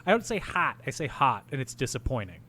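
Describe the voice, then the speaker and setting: Lively, playful male podcast host. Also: medium pitch. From Illinois. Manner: animated, playful, quick. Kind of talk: casual chat.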